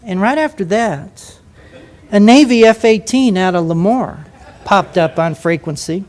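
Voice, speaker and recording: Older man, ex-pilot, spins a story for an audience, lively and vivid. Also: high voice, unhurried. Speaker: former jet pilot.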